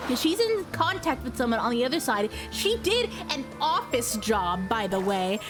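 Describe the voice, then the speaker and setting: A woman streamer giving casual, excitable game commentary, rambling and cursing now and then. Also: high-pitched, unhurried, few pauses, music in the background.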